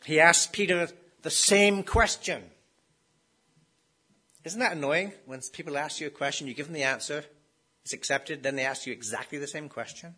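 A man's voice: a little high, moderate pace, bright, forceful tone. A man preaching a sermon in a conversational way, often asking his listeners rhetorical questions.

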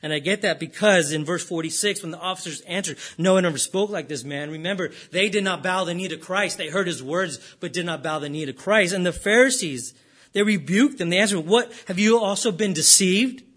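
A man preaching a sermon with a fairly high voice. He speaks earnestly, rising and pressing on key points, then slowing and falling quiet. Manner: earnest preaching, rising for emphasis then dropping low and slow.

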